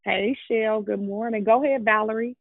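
A woman's voice: on the high side, steady tone, normal speed, dry recording. A woman leads a prayer call, preaching with fervor before trading playful greetings with callers. Her voice comes through a dry, narrow phone line. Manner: fervent, informal, playful with callers.

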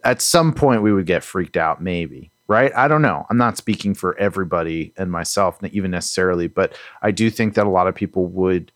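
A man's voice: low-pitched, brisk, hardly any pauses, no room sound, studio quality. A man co-hosting a podcast, musing casually with lots of "you know"s and repeated words. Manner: rambling, reflective, many "you know"s and repeats. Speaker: podcast co-host. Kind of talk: casual chat.

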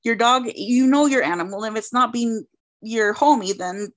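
A woman's voice: fairly high pitch, normal speed. A woman co-hosting a podcast, telling a story in casual chat, full of fillers and quoted asides. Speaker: podcast co-host.

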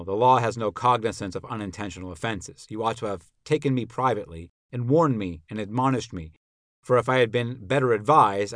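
A man's voice: medium pitch, dry recording, studio quality, natural voice. A man voicing an elderly philosopher on trial, questioning his accuser in a rhetorical, pointed way. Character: elderly male philosopher on trial, probing and ironic. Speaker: podcast narrator. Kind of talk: dramatic reading of a classical dialogue.

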